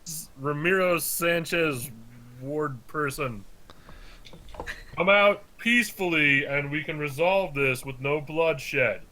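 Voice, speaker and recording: A charismatic barbarian calls out slow, declamatory orders to a crowd, played by a man. The voice is bright and sits fairly high. It is a tabletop game hero. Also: low-quality recording. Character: charismatic male barbarian leading a mob.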